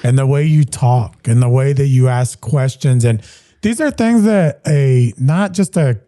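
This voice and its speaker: A man hosting a business interview podcast, talking in a relaxed, agreeable way and backing his guest with short replies. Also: medium pitch, unhurried, dry recording, clean studio sound. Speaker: podcast host. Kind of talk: casual interview chat.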